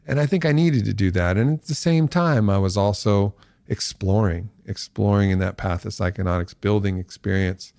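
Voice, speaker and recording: A man in his forties, a podcast guest, telling a story in casual talk and acting out quotes with big jumps in pitch. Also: moderate pace, creaky, darkish tone, no room sound, clean studio sound.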